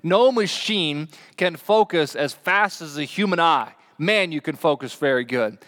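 A man's voice: on the high side, lively intonation, a little slow, a bit bright. Chatty male pastor preaching a sermon. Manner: chatty, asks the congregation questions. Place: church sanctuary.

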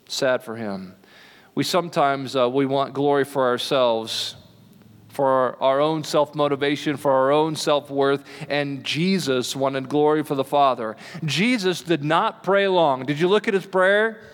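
A man preaching a sermon in a relaxed, conversational way, slowing down to stress key lines. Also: mid-range voice, smooth. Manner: conversational preaching, slows for emphasis. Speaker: pastor. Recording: long hall reverb.

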